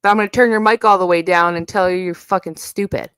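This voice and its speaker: A woman's voice: lowish voice, steady tone, fast talker, a bit bright, clean tone, dry recording, clean studio sound. A young woman with a New York accent, ranting bluntly and profanely in a rambling casual livestream. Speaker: live streamer.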